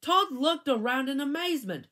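A woman reading a children's chapter book aloud with animated expression. Her fairly high voice rises and falls widely from line to line. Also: moderate pace. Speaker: reader.

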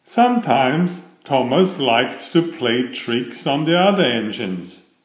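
A man narrating a children's picture book read-aloud in an unhurried storytelling manner. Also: mid-range voice, lively intonation. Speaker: storybook reader. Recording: echoey room.

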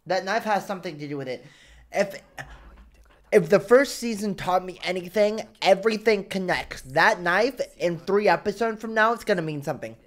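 A woman giving casual reaction commentary on an anime, excitable, swearing and repeating words in bursts. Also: mid-range voice, moderate pace.

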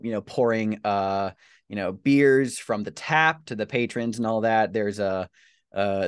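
A low-voiced man narrating his character's scene in a tabletop game, stopping and restarting often and leaning on fillers. His voice sounds dry and close, with no room echo around it. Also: clear, resonant tone. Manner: halting, full of fillers and restarts.

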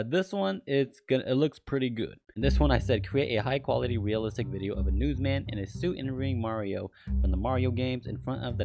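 A man giving casual, excitable reaction commentary as a video host, swearing freely and laughing often. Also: mid-range voice, vocal fry.

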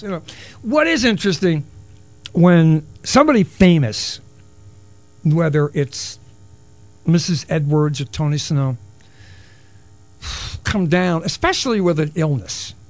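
A man's voice: fairly high pitch, big pitch swings, unhurried, pauses often, dry recording. A middle-aged man hosting a solo radio talk show, rambling and wisecracking with self-mocking asides. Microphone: studio broadcast mic.

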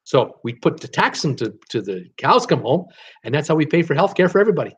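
A man's voice: on the high side, big pitch swings, quick pace, breathy edge, dull audio. A man from Canada hosting a casual live-stream trivia game, reading out viewer guesses and joking between them. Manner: reads viewer guesses aloud, chatty and joking.

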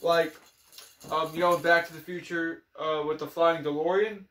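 A young man co-hosts a casual chat about video games, sounding eager but a bit hesitant and filling his speech with fillers. His voice is on the high side, steady and fairly bright, at a moderate pace, in an echoey room.

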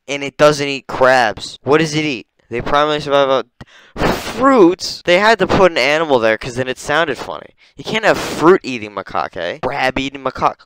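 Young male streamer, casual reaction commentary from his bedroom, smooth voice, excitable and sweary. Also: mid-range voice, moderate pace, no echo. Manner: excitable, swears, swings between mumbling and loud disbelief. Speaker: streamer ranking animals.

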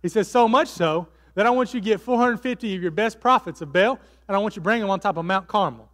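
A man's voice: high voice, quick pace, fairly bright tone, big-room sound. A man preaching a sermon as pastor, telling the story casually with fillers and acting out the quotes. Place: church hall.

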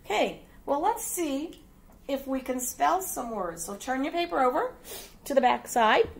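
Midwestern woman, grade-school phonics teacher, unhurried and deliberate, spells words letter by letter. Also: high-pitched, expressive, creaky. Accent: American Midwest. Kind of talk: phonics lesson for young children.

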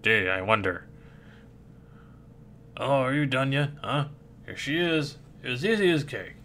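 A man's voice: medium pitch, normal speed, fairly bright tone, slight background noise. A man reading a comic book aloud, switching voices for each character. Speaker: comic reader. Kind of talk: reading a manga aloud, doing all the voices.

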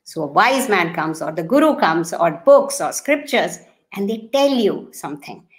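A woman giving a talk to educators as a guest speaker, telling stories with expressive, deliberate emphasis. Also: medium pitch.

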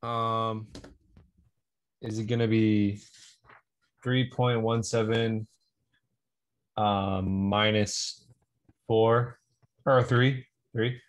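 A man answering as a student, hesitant and unsure, with pauses. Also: lowish voice, little pitch movement.

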